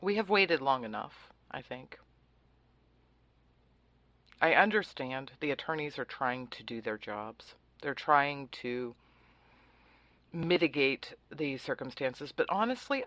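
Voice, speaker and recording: A woman's voice: rumbling low, big pitch swings, measured pace, fairly bright tone, dry recording. A woman hosting a talk radio show, speaking in a sarcastic, facetious and opinionated way in a conversational monologue.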